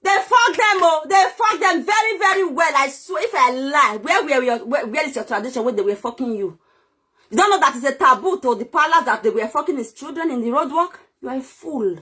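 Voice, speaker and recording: Nigerian woman, very high and bright voice, loud scolding rant with shouts and mutters. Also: animated, brisk. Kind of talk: ranting monologue to camera.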